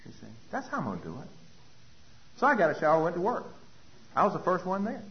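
A man sharing his recovery story from a podium as a personal testimony, telling it in an animated way and acting out other people's voices. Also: high voice, quick pace. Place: speaking at a podium. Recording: dull lo-fi recording with faint hiss.

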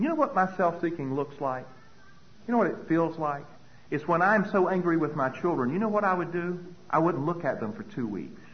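A man's voice: medium pitch, muffled recording, slight background noise. Earnest middle-aged man sharing his recovery. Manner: earnest storyteller, repeats key phrases. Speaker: recovery meeting speaker. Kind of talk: personal recovery talk.

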